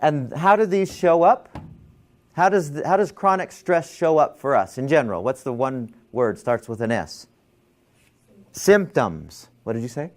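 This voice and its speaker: A man's voice: a little high, lively intonation, measured pace. A man teaching a class on stress, talking casually and telling a story with many restarts and fillers. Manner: rambling, self-interrupting storyteller. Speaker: stress management instructor.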